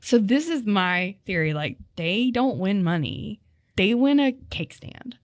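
A woman hosting a podcast in casual chat, full of chatty, animated asides. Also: mid-range voice, measured pace, no room sound, studio quality. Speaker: podcast host.

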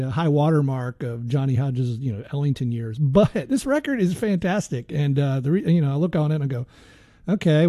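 A middle-aged man hosts a jazz radio hour, talking in a loose, folksy ramble full of ums and asides. His voice is warm, mellow and fairly high for a man. The studio sound is close and dry. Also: no echo. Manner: rambling, folksy, enthusiastic, many fillers. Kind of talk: casual radio DJ chat.

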